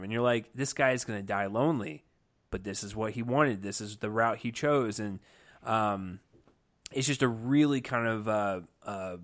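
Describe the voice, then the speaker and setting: A man's voice: medium pitch, a bit bright. A man giving a casual, enthusiastic movie review, talking with lots of fillers and restarts. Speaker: film reviewer.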